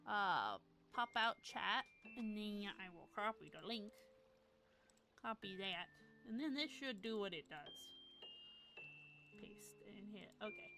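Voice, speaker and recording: A woman's voice: mid-range voice, expressive, slow pace, pauses often, pushed and bright. A young woman live-streaming, chatting casually and scatterbrained with her viewers, laughing often. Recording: music playing behind.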